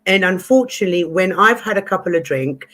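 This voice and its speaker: A woman's voice: on the low side, expressive, fairly quick, fairly bright tone. A woman in a casual streamed discussion, speaking candidly and with animation. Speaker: panelist in a stream debate.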